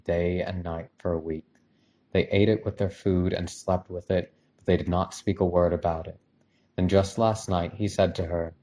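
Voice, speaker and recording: A man reads a novel aloud in a measured, even audiobook style. His voice sits very low, with a dark, mellow tone. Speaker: narrator.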